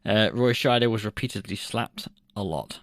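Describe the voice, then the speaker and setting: Jokey man with a low voice. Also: moderate pace, no echo, studio quality. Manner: jokey, laughs often, swears casually. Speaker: podcast co-host. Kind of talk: casual film review chat.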